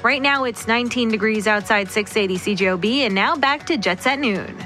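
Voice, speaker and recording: A woman newscaster reading the midday news bulletin in a crisp, even way. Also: on the high side, a little fast, soft background music. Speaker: radio newscaster. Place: radio studio.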